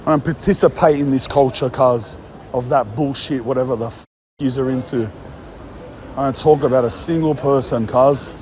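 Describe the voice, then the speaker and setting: A man's voice: medium pitch, fairly even intonation, moderate pace, a little mellow. A young Australian man ranting casually in a blunt, heated, mocking way, swearing often. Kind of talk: casual rant.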